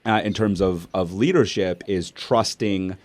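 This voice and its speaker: Low-voiced man telling a story. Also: measured pace. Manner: animated, acts out family dialogue. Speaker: podcast host and speaker. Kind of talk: casual storytelling in an interview.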